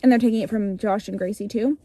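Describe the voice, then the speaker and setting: A young woman in casual storytelling to a friend, animated and breezy, swearing freely and acting out lines. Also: medium pitch, fast talker, no room sound. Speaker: vlogger retelling her childhood story.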